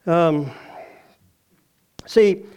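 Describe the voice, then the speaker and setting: A man's voice: fairly high pitch, drawn-out words, warm tone, clean tone. An older man with a Texan accent preaching a sermon, telling stories in a folksy way and acting out the voices he quotes. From Texas. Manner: folksy storytelling, acts out quoted voices, laughs often. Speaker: pastor.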